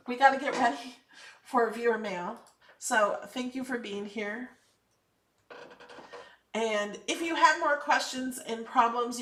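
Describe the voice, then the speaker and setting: A woman's voice: on the high side, fairly bright tone, echoey room, recorded from a distance. A woman hosting a casual live craft tutorial, chatty and upbeat, encouraging and emphatic when giving advice. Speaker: craft channel host.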